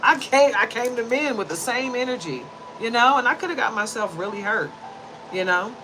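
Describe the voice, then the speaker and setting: A woman in her forties, a tarot reader, telling a personal story in casual talk, animated, with loud bursts and low, earnest stretches. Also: normal speed, a little hiss or hum, low-quality recording.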